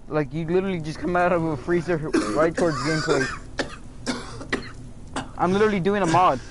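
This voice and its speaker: A man streaming a game, chatting casually with his viewers, excitable and swearing a lot. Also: on the high side, fairly quick, background noise. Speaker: gaming streamer. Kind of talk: casual gameplay commentary.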